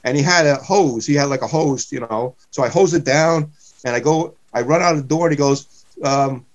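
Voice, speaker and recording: A man's voice: a little high, moderate pace, dull audio. A man, a comedian guest telling rambling anecdotes in casual chat. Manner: rambling anecdotes, repeats himself.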